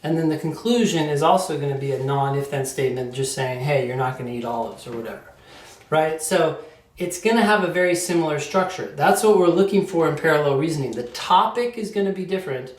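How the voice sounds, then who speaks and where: A man's voice: on the high side, fairly quick. A man teaching a test prep lesson in a conversational way, often checking in with his listeners. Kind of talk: casual explanatory lecture. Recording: roomy echo, distant mic.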